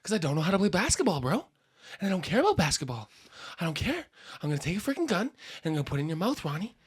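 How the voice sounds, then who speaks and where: A man's voice: sits high, very animated, racing, slightly rough, full character voice. A man doing a swaggering tough-guy movie star. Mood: menacing. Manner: swaggering, crude, says "bro" a lot. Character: tough-talking male movie star, crude, menacing.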